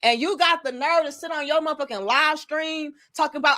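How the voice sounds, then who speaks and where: A woman's voice: sits high, moderate pace, hardly any pauses. Sarcastic, profane woman ranting on camera. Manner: profane, sarcastic, animated with exaggerated mock apologies. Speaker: commentary channel host. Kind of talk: casual commentary rant.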